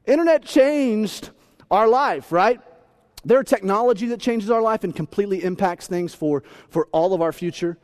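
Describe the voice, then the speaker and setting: A man in his thirties giving a humorous sermon as pastor, animated and playful, acting out little voices. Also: high-pitched, moderate pace.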